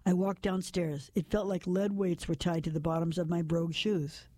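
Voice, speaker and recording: Mellow woman reading a story aloud. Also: fairly low pitch, little pitch movement, moderate pace, no echo. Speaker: narrator. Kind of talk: first-person storybook narration.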